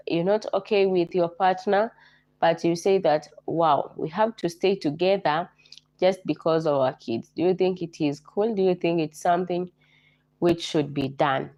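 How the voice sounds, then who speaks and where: A Kenyan woman hosting a casual livestream, hoarse from a flu, greeting viewers by name and repeating herself often. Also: on the low side, darkish tone. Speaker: livestream host.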